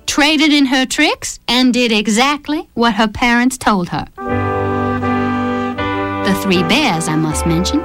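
A woman narrating a fairy tale in a playful, lively storytelling manner over music. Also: on the high side, slow pace, pauses often.

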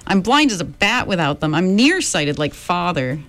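A woman's voice: on the low side, sing-song, moderate pace, a bit bright, soft background music. A woman reading a story aloud, voicing an unhappy teenage girl who talks in a trembling voice choked with tears. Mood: rueful. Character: unhappy awkward teenage girl, tearful and self-critical.

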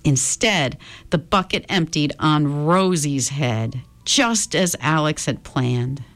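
A woman reading a children's story aloud with expressive intonation. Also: low-pitched, takes it slowly.

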